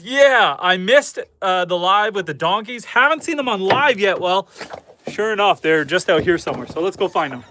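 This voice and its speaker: A man's voice: high voice, fairly bright tone, no room sound. A young man casually chatting on a night-time farm livestream outdoors, talking to his animals and reading viewer comments aloud. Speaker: homesteader hosting a livestream.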